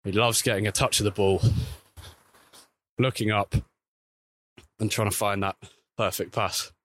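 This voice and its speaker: A man reporting on football while walking outdoors, chatting casually and correcting himself as he goes. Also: a little slow. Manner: chatty, self-correcting, lively pitch swings. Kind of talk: walking vlog commentary. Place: outdoors by a street.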